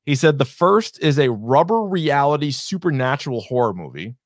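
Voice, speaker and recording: Man, casual movie podcast co-host, rambling, profane, lots of fillers, middle pitch, dry close sound. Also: big pitch swings, moderate pace, dry recording. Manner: rambling, profane, many fillers and quoted asides. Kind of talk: casual movie review chat.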